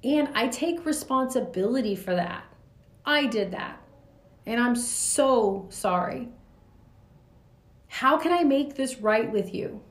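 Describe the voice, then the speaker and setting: Expressive and on the high side, this woman's voice moves slowly, with long pauses. She is in her forties, hosting a reflective podcast monologue earnestly with loose asides, recorded in an echoey room.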